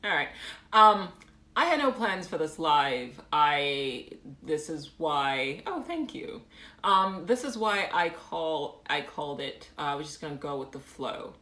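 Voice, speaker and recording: A woman artist hosting a livestream, answering viewer comments in a playful, giggly way and at times putting on a deliberately bad British accent. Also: low-pitched, sing-song, pushed and bright, reverberant. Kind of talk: casual live chat answering viewer comments.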